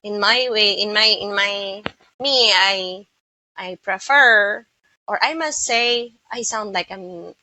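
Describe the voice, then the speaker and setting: A woman's voice: mid-range voice, takes it slowly, bright, forceful tone, highs cut off. A woman from the Philippines with a Filipino English accent, giving a patient, explanatory English lesson and often checking that listeners follow. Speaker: English teacher.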